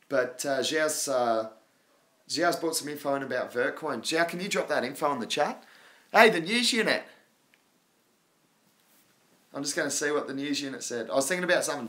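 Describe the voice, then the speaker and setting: A man's voice: medium pitch, fairly bright tone. Guy hosting a live crypto chat, rambly and laid back, laughs a lot. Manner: rambling, chatty, laughs often. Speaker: crypto livestream host. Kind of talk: casual livestream chat.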